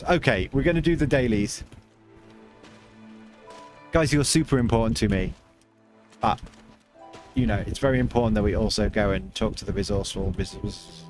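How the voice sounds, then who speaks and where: A man hosting a casual game livestream, chatting loosely and answering viewers' chat as he plays. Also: medium pitch. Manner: chatty, reads chat aloud, rambling with restarts. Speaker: livestream host.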